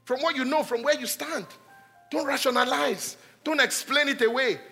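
A man preaching, his voice high and bright. He drives points home with repetition, rising to loud exhortation and then dropping to hushed asides. Soft music plays faintly underneath. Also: normal speed. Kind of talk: sermon.

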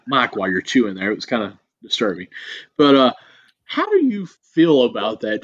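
Male podcast co-host, husky and dry, jokey storyteller, dull lo-fi call audio. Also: medium pitch, a bit bright, dry recording. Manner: joking, teasing storyteller. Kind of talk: casual chat.

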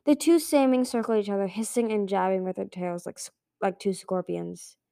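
A woman's voice: mid-range voice, fairly even intonation, normal speed, creaky, mellow. A woman reading a fantasy book aloud for her own amateur audiobook, in an earnest, plain way. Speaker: audiobook reader.

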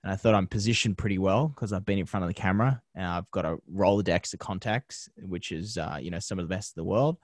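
A man with a low, deep voice tells stories from his career in a relaxed interview. He talks with energy, laughs often and drops casual slang. The sound is dry and close, with no room echo. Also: fast, few pauses. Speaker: TV host and media founder.

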